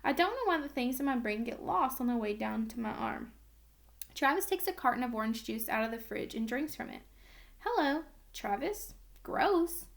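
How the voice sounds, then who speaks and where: A woman's voice: on the high side, lively intonation, a little fast, creaky. A woman narrating a novel in first person, in a plain, earnest storytelling way. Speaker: audiobook reader.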